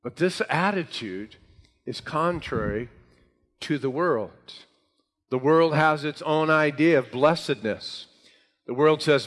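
A man's voice: medium pitch, a little slow, fairly bright tone. A man preaching a sermon to a congregation, with emphatic, rising delivery. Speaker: pastor. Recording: hall reverb.

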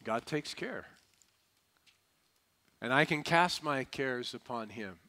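Bright, emphatic male preacher. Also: medium pitch, expressive, slow pace. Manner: emphatic, calls for audience responses; folksy and humorous. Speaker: pastor. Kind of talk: sermon.

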